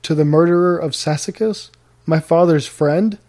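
Man reading as a proud young chief's daughter, solemn and formal, mellow tone. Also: a little high, moderate pace, no echo, close to an everyday voice.

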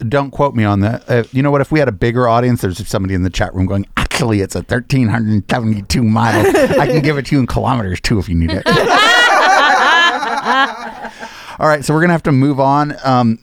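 A man hosting a casual panel podcast, rambling and joking with quick asides. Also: mid-range voice, animated, slight background noise. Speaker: podcast host.

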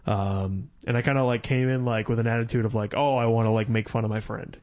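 A man's voice: mid-range voice, fairly even intonation, fast talker, a little mellow. Rambling man, casual podcast banter. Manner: rambling with many fillers and restarts. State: slightly slurring from beers. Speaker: podcast co-host.

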